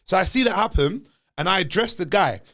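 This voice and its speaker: A man chatting as a guest comedian on a podcast, bantering in an animated way into a headset mic. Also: high voice, fairly quick. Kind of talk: casual podcast chat.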